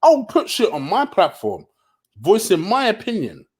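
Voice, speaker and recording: A man's voice: high-pitched, wildly swooping pitch, unhurried, breathy edge. A man ranting in a late-night football vlog, heated, profane and sarcastic. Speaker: football vlogger.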